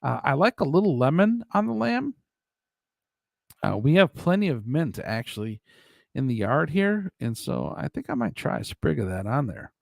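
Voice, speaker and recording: Chatty stream host, male, gravelly voice with lively ups and downs, jokey and rambling. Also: medium pitch, moderate pace, dry recording, studio quality. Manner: rambling, joking, laughs often. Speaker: livestream host reading chat. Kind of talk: casual chat.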